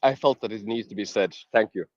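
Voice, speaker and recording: A man's voice: on the low side, quick pace, darkish tone, dry recording. Upset guy calling in, struggling for words, dead dry muffled audio. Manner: emotional, indignant, searching for words. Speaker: caller in a live audio space. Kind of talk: impassioned comment. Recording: dry, dull lo-fi line.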